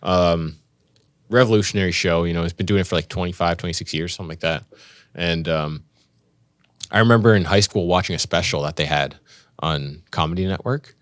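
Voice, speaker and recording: Laid-back low-voiced male comedian. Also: brisk, fairly bright tone, no room sound, clean studio sound. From Canada. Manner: laid-back, loose, swears freely. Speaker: stand-up comedian guest. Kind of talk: casual podcast storytelling. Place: podcast studio.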